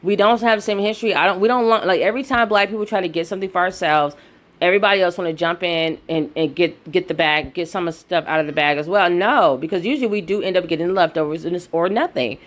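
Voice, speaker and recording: A woman's voice: on the low side, fast. A woman giving a blunt, heated opinion vlog, swearing freely. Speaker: video commentator.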